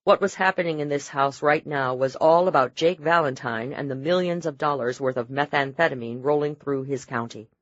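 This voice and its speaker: A man's voice: medium pitch, normal speed, few pauses, a bit bright, no echo, lo-fi sound. Male audiobook narrator, dry sound. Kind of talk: scripted narration.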